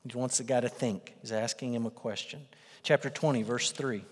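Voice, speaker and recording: A man preaching to a congregation, mostly chatty and direct but surging loud when he drives a point home. His mid-pitched voice rings out with a long reverb tail from a large hall. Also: steady tone, normal speed, slightly rough. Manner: conversational, emphatic, rising to loud bursts for quoted lines. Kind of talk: sermon.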